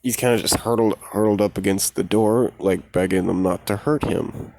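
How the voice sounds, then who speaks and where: A man's voice: on the low side, fairly even intonation, normal speed, a little mellow. A man casually retelling a fan story in a rambling, profane way, full of fillers.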